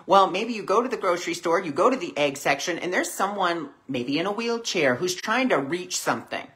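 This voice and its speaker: A woman's voice: fairly low pitch, lively intonation, brisk, few pauses, fairly bright tone. A woman hosting a weekly spiritual discussion, talking conversationally and acting out voices in her stories. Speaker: spiritual teacher.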